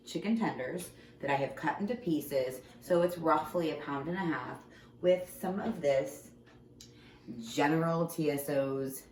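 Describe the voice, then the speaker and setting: Low-voiced woman hosting a home cooking show. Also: a little hiss or hum. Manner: chatty and joking. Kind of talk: casual cooking demonstration. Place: home kitchen. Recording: echoey room, mic at a distance.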